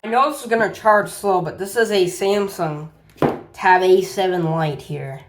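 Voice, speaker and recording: A man's voice: sits high, a little slow, background noise. A man casually reviewing a power bank on his channel, rambling and often repeating himself as he talks through the tests. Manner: rambling, repeats "as you can see". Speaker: tech reviewer. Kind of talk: casual product review vlog.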